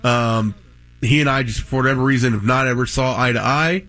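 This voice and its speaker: A man's voice: medium pitch, a little fast. A man in his thirties, co-hosting a talk show, telling a long anecdote in casual chat and acting out what people said. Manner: animated anecdote teller who acts out quotes. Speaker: radio show co-host.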